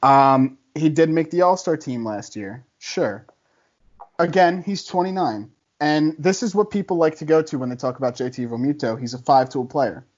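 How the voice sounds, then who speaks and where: A man arguing a contrarian take on a casual podcast, chatty and quick to laugh. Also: fairly high pitch, dull audio. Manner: chatty, laughs often, argumentative. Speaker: podcast guest debater.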